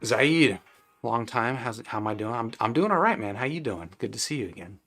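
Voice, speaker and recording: A man's voice: medium pitch, animated, brisk, a bit bright, soft background music. A man hosting a live stream, casually answering viewers' chat questions with loose, rambling talk full of fillers and restarts.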